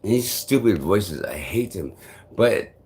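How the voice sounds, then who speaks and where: Young guy rambling on his live stream, lowish voice, lots of likes and f-words. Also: animated, a little mellow. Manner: rambling, halting, swears often, many fillers.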